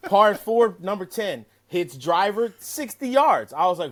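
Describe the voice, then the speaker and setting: A man telling a casual, animated story as a guest, cursing freely and acting out what people said. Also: high voice, a little slow. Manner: animated, profane, acts out quotes. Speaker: caddie-turned-broadcaster guest.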